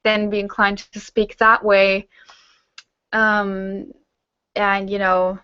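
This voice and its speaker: A woman's voice: mid-range voice, flat delivery, slow, sharp tone, clear, resonant tone, no room sound, dull audio. A young German woman hosting a casual Q&A hangout, chatting with lots of fillers and restarts. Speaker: host; teacher-training student.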